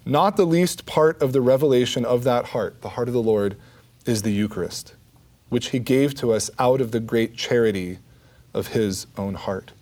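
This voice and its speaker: A man's voice: medium pitch, normal speed. A middle-aged man giving a conversational talk on prayer and adoration, with frequent asides to his listeners. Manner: conversational, animated, with asides like "right?". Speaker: Catholic speaker on the Eucharist.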